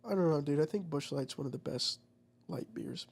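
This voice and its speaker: Man, casual vlogger, gravelly and slightly high, swears constantly, rambles. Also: normal speed. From United States. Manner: profane, rambling, animated storytelling. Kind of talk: casual chat.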